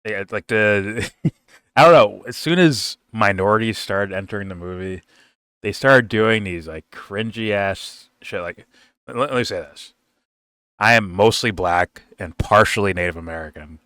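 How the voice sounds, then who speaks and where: A man's voice: on the low side, unhurried, a bit bright, dry recording, clean studio sound. A man giving a casual, rambling film review, swearing freely and laughing often.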